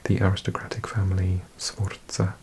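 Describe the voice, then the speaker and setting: A man with a Welsh accent, hosting an ASMR video and reading aloud in a slow, hushed mix of whisper and soft speech. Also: deep voice, monotone, rough recording. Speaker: ASMR host.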